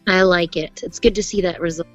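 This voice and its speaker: A woman's voice: fairly low pitch, fairly even intonation, brisk. Co-host, woman, thirties, brief answers, reads viewer comments over light music. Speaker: live stream co-host. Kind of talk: casual chat.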